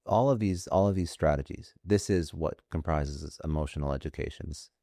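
A man hosting an interview, asking measured, thoughtful questions. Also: rumbling low, dark tone, no echo, clean studio sound. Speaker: interviewer, host. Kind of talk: conversational interview.

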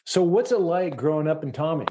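A man's voice: a little high, expressive, moderate pace, warm tone, slight background noise. A middle-aged man from the United States hosting a podcast interview, talking with enthusiasm and rambling with many fillers. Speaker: podcast host.

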